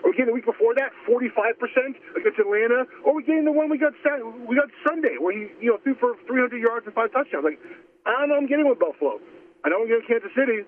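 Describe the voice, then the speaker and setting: A man giving emphatic, fast-stumbling betting picks as a guest, heard over a remote call. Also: extremely high pitch, animated, a little hiss or hum. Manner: emphatic, repeats words when starting. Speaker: guest sports bettor. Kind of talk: sports betting analysis. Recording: tinny phone-line audio.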